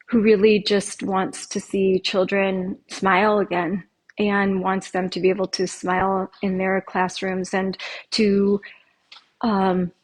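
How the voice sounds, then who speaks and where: A woman running for school board makes an earnest, emotional personal appeal, often halting and restarting with fillers. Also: mid-range voice, rough recording.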